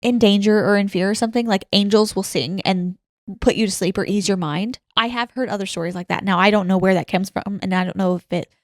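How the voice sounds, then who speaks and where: A woman's voice: medium pitch, fast talker, no room sound, studio quality. A woman co-hosting a paranormal podcast, reading listener stories aloud and chatting casually, often giggling. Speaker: podcast co-host.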